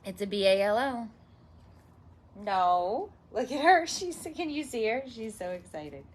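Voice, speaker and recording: With an on-the-high-side voice, this woman is very animated yet measured in pace, pausing often. She's a parenting vlogger casually chatting to her phone camera outdoors in her yard and exclaiming at her dog.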